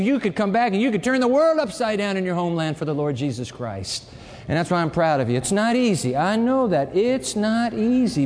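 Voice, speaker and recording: A man preaching in a large hall, his voice sitting a little high and moving all over the place, rising and falling. Long reverb trails behind his words as he swings between bursts and quiet asides. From raised partly in Japan. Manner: lively, conversational preaching with sudden swings from loud to quiet. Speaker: campus pastor. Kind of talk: sermon.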